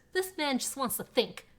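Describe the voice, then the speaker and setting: Playing a horror game on stream, a woman with a high-sitting voice reads the lines aloud and reacts with drama. She shifts from quiet whispers to abrupt yelps.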